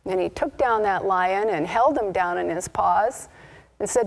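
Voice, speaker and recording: Slow, reflective woman minister. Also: medium pitch, vocal fry. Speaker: minister leading a Sunday service. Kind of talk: sermon storytelling. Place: spiritual community service.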